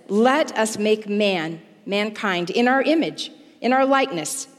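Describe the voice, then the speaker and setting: A woman giving a sermon, speaking in a measured teaching manner that slows down on key words. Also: fairly high pitch, in a large hall. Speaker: pastor's wife and teacher.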